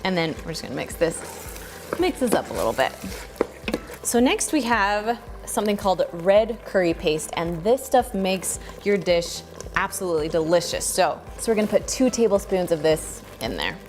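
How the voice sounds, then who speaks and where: A woman hosting a casual home cooking tutorial, chatty and relaxed, thinking aloud as she cooks in her kitchen. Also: on the low side, moderate pace, over music. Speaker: cooking channel host.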